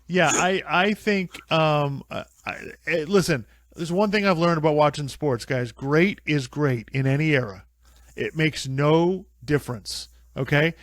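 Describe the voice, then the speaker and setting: A man with a somewhat high voice, making his case in casual podcast talk. He is emphatic and insistent, stacking up points. The sound is dry and close, with no room echo. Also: a little slow, a bit bright. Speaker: podcast co-host. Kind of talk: casual chat.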